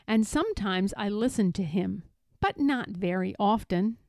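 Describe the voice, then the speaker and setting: A woman's voice: medium pitch, measured pace, dry recording. Playful woman reading a storybook aloud. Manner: playful, expressive, emphatic. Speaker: read-aloud narrator. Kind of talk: reading a children's picture book aloud.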